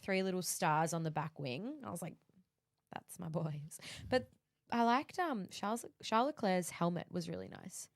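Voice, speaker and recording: A woman's voice: lowish voice, animated, moderate pace, dry recording, clean studio sound. A woman co-hosting a podcast in casual chat, wry and playful. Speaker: podcast co-host.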